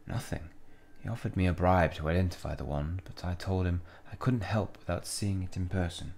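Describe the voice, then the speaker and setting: A courteous old wandmaker speaks softly and evenly, choosing each word with care, as a man reading game dialogue puts him on. The voice is low and unhurried. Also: steady tone, creaky.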